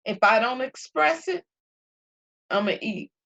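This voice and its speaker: A woman's voice: fairly high pitch, vocal fry, sharp tone. A middle-aged woman giving an emphatic, heartfelt faith talk to her viewers, repeating phrases with a preacher-like cadence. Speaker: faith vlogger. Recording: dull lo-fi recording.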